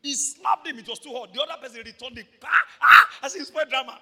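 A Nigerian man preaching a sermon as pastor, animated, shouting at peaks and slipping in humorous stories. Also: extremely high pitch, rapid-fire, few pauses, in a large hall.

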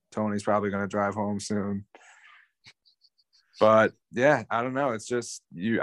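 A man's voice: fairly low pitch, no room sound. A young man co-hosting a casual sports podcast, rambling in a frustrated tone and swearing now and then. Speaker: podcast co-host.

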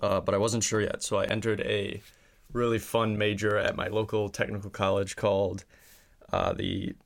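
Gravelly young man from Wisconsin. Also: on the low side, little pitch movement. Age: young adult. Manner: halting, with many fillers and restarts. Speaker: guest. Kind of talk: casual podcast chat.

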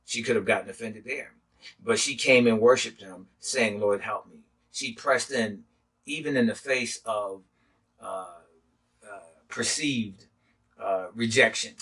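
A man, a pastor, teaching a sermon in a halting way with many filler sounds. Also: on the low side, fairly bright tone, breathy edge, recorded from a distance, rough recording.

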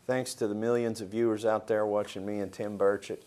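A man from Kentucky, a guest on an interview podcast, talking in a dry, wry way with plenty of halting fillers. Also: fairly low pitch, level tone, a little mellow. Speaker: guest, congressman. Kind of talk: casual interview chat.

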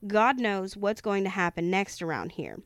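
A frightened young mother speaks anxiously, her questions pleading, voiced by a woman reading a horror book. The voice is smooth and clear, in a dry, close recording. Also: medium pitch, animated, normal speed, dry recording, close to an everyday voice. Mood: scared.

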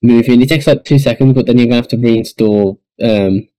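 A man's voice: medium pitch, brisk, mellow, dry recording, rough recording. A man co-hosting a podcast, chatting casually and easygoing, trailing off with "um.". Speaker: podcast co-host. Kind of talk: casual chat.

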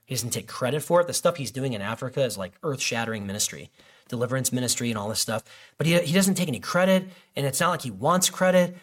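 A man's voice: medium pitch, animated, fast, fairly bright tone. A man preaching a sermon in a loose, conversational way, with many restarts and fillers. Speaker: pastor.

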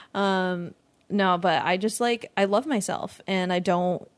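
Feeling lightheaded from not eating, a twenty-something woman hosts her own casual podcast, rambling, laughing often, and swearing liberally. Her medium-pitched voice moves slowly.

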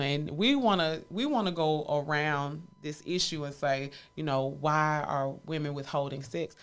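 A woman co-hosting a casual chat podcast, talking candidly and animatedly and laughing often. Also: deep voice. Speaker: podcast co-host.

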